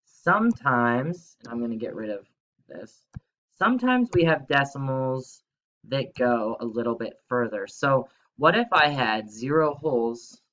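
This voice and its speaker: Man, teacher, recorded lesson, slow deliberate pace, bright tense tone, encouraging prompts, slightly muffled audio. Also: medium pitch, expressive. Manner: upbeat, coaxing, prompts students to repeat aloud. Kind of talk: recorded math lesson for students.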